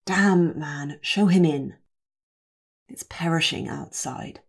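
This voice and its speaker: Woman narrating a curt young lord, low and gravelly. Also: slow pace, full character voice. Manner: curt, savage. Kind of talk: audiobook character voice.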